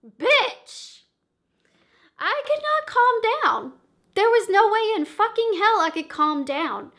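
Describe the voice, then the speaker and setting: Young woman vlogger, dramatic n sweary, high bright voice, loud then hushed. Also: very animated, slow. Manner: dramatic and profane, swings between loud bursts and hushed asides. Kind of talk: storytime vlog.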